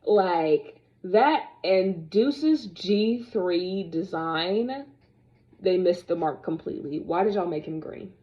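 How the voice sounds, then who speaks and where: A young woman vlogging to camera in casual, opinionated chat, sassy and animated as she talks straight to her viewers. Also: lowish voice, slow pace, highs cut off. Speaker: vlogger reviewing dolls.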